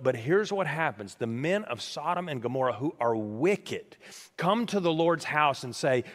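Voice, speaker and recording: A man preaching a sermon, animated and questioning his congregation, in a large church hall. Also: medium pitch. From United States. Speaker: pastor. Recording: long hall reverb.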